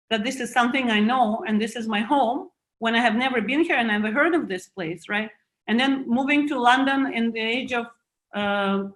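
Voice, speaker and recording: A woman's voice: on the high side, fairly bright tone. A woman in her forties with a Russian accent, speaking as a guest author in a reflective conversation and searching for words with frequent restarts. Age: 40s. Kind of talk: video call conversation.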